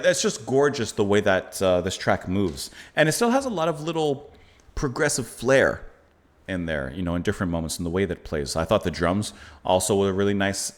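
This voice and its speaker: Man with a low, lively voice reviewing an album. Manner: thoughtful, analytical, admiring commentary with frequent "you know" and "like". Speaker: music reaction channel host. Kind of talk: casual album reaction and review.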